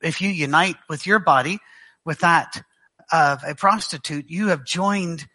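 A middle-aged man from Scotland with a Glaswegian accent, preaching a guest sermon to a church, telling stories with dry humor and halting restarts. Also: on the high side, bright, forceful tone. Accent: Glaswegian Scottish.

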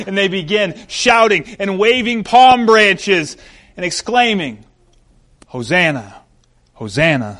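A young adult man preaching a sermon, telling stories with an animated delivery that swings from quiet to loud. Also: high voice. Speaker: pastor.

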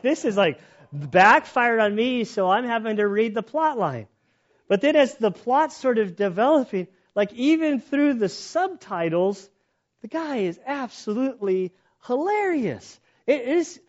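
A man giving a conversational sermon, telling a story in a chatty way with many fillers. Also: high voice. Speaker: preacher. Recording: muffled, dull recording.

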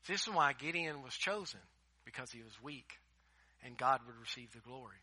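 A man preaching a sermon as a pastor, emphatic, swinging between loud declarations and hushed asides. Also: mid-range voice, animated, moderate pace.

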